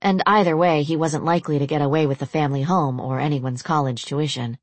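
Low, breathy woman reading a novel. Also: fairly even intonation, brisk, hardly any pauses, no echo. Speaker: audiobook narrator.

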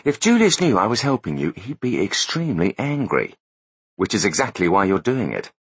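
A man's voice: lowish voice, wildly swooping pitch, moderate pace, husky, no room sound, pitched above the performer's own voice, exaggerated voice. A man voicing a smug, wisecracking male technical expert in an audiobook. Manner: boastful, wisecracking. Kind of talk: audiobook character voice.

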